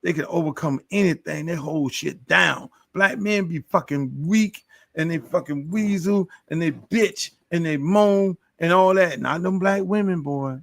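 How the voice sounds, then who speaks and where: A man's voice: on the high side, measured pace, creaky, no echo, studio quality. A middle-aged man hosting his own podcast, delivering a boastful, preachy monologue full of swearing. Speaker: podcast host. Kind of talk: profane monologue.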